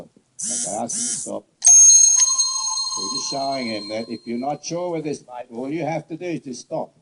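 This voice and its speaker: A man horse trainer giving a casual outdoor demonstration, telling stories bluntly and coaxing a horse softly. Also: mid-range voice, lively intonation, moderate pace, slight background noise, poor audio. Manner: casual, rambling, blunt storyteller; soft coaxing talk to the horse. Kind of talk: demonstration lesson with storytelling.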